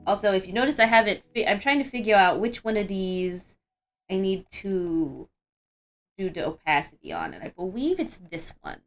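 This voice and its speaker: A woman's voice: medium pitch, lively intonation, moderate pace. A young woman chatting casually on a live art stream, rambling with frequent restarts.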